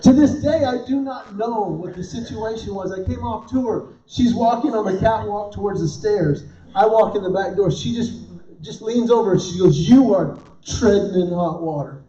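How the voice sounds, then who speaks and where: His voice sits high and moves at normal speed. A middle-aged comedian in an event hall, he delivers self-deprecating, punchy stand-up stories and quizzes the audience, all in a roomy, distant, dull live recording.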